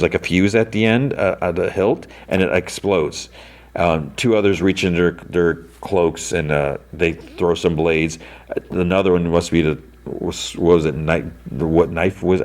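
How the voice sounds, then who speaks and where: A man hosting a podcast, casually recapping a show episode, rambling with lots of "like" and "um". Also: deep voice. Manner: rambling, heavy on "like" and "um" fillers. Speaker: podcast host.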